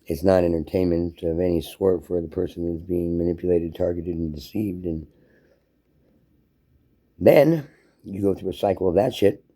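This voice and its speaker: A man's voice: low-pitched, moderate pace, long pauses, mellow. A man giving a heated, profane monologue rant to camera as a vlogger, telling it like a story.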